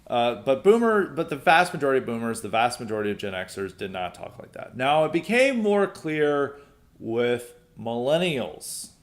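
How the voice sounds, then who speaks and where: A man's voice: mid-range voice, very animated, moderate pace. Male podcast host, young adult, casual mailbag commentary, rambling delivery, frequent restarts.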